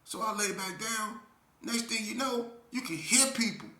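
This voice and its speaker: A man telling a story from his youth in a casual, animated way, full of slang and often checking in with the listener. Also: sits high, moderate pace, echoey room.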